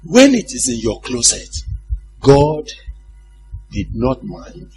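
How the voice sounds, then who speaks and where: A man's voice: a little high, big pitch swings, takes it slowly, a little mellow, slight background noise. A male preacher giving a conversational sermon, often putting questions to his congregation and laughing at his own stories.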